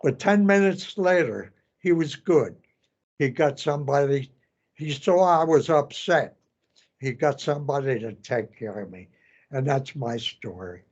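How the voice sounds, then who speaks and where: Slow-spoken elderly man, dull recording. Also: mid-range voice, animated, a little mellow. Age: 90s. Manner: halting, repeats words, laughs while telling. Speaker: veteran interviewee. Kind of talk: oral history storytelling. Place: veterans center room.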